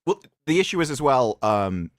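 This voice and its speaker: A man's voice: medium pitch, sing-song, moderate pace, dry recording, studio quality. A man co-hosting a casual livestream chat, rambling and laughing often. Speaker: co-host.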